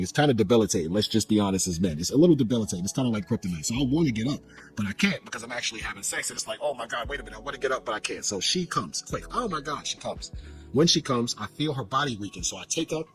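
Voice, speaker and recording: Guy rattling off a wild story fast, acts out the quotes, soft music under it. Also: mid-range voice. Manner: fast, animated retelling with quoted dialogue. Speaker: interviewee telling a personal story. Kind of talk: casual storytelling.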